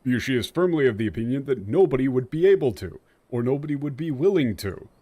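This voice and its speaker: A man's voice: mid-range voice, expressive, fast talker, mellow. A man streaming a game, ranting with frequent swearing about how its dialogue was translated. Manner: ranting, exasperated, swears often. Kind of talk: profane commentary on a game translation.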